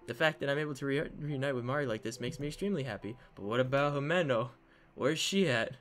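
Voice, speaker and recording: A man's voice: mid-range voice, fast, a bit bright, a little hiss or hum. A man reading a visual novel aloud in a dramatic way, slipping in joking asides. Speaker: game narrator.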